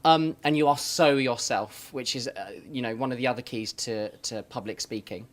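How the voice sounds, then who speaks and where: A man's voice: medium pitch, moderate pace. A man, a vocal coach, giving effusive, affectionate feedback to a speaker.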